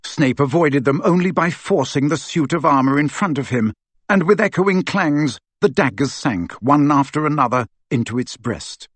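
A man narrating a fantasy audiobook in an expressive storytelling manner. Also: fairly high pitch, normal speed, no room sound. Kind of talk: scripted narration.

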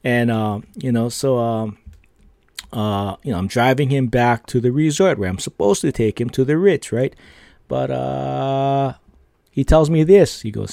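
Mellow-voiced man telling a rambling story. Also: medium pitch, animated, normal speed, creaky, no echo, clean studio sound. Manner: rambling, full of fillers and tag questions; laughs between lines. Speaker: podcast host. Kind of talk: casual storytelling.

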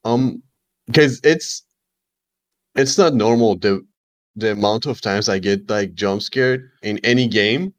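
A man's voice: lowish voice, takes it slowly. A man talking casually as a guest on a streamer podcast, laid-back and loose, often saying "bro". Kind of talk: casual chat.

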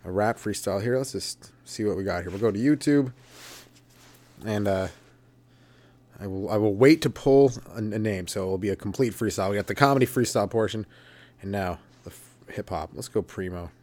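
A man's voice: fairly low pitch, fairly quick, a little mellow. A man riffing loosely as a comedy podcast host, rambling and profane and chuckling often. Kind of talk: improvised stand-up riffing.

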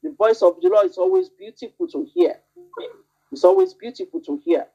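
A woman's voice: high-pitched, big pitch swings, fairly quick, dark tone. A woman preaching a sermon, building it up through fervent repetition and telling a story from her own life. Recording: muffled lo-fi recording.

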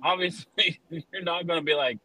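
A man co-hosting a sports podcast, making quick joking interjections. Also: a little high, fairly even intonation, pushed and bright. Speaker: podcast co-host. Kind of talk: casual sports podcast chat.

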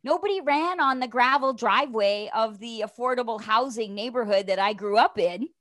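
A middle-aged woman telling personal stories as an interview guest, earnest and animated, often asking "right?". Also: fairly high pitch, normal speed, dry recording, clean studio sound. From Canada. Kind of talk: conversational storytelling interview.

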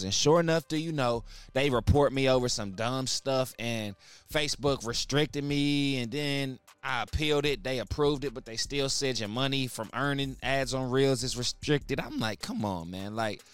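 A man's voice: mid-range voice, fairly bright tone, smooth, no room sound. A man hosting his own podcast in casual, hyped talk, heavy on slang and repeating words for emphasis. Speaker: podcast host.

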